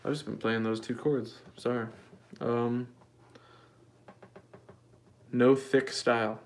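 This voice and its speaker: A man hosting a casual livestream, answering chat questions with deadpan, mock-earnest rambling. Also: medium pitch, slow, soft background music. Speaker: livestream host.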